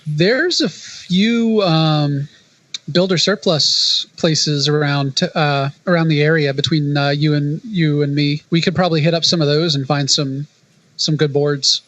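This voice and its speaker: A man's voice: a little high, unhurried, a bit bright, no echo, lo-fi sound. A man co-hosting a podcast in casual chat, full of dry quips and offhand asides. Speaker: podcast co-host.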